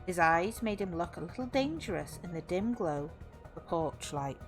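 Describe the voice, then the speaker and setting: A woman's voice: lowish voice, animated, normal speed, soft background music. A woman streamer reading a horror story aloud, greeting her chat in a bubbly way between passages.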